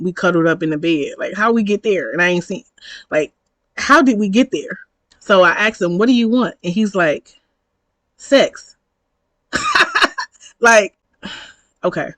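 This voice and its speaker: A woman's voice: lowish voice, fairly bright tone, no room sound, low-quality recording. Chatty woman in her thirties telling a story. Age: 30s. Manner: chatty, slangy, reenacts dialogue, laughs often. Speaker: vlogger. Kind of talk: casual storytime vlog.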